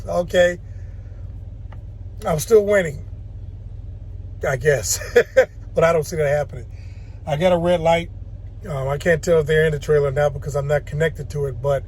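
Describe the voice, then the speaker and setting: A man's voice: on the high side, darkish tone, breathy edge. A man driving a semi truck, talking casually in an easygoing, chatty way and laughing at himself. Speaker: truck driver. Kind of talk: casual vlog talk to camera.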